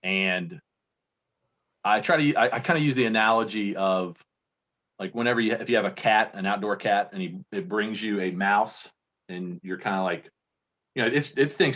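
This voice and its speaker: Low-voiced rambling man, muffled sound. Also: normal speed, a bit bright. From Kentucky. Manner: rambling, self-deprecating storyteller. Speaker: guest contest entrant. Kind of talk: casual interview chat. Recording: dull lo-fi sound.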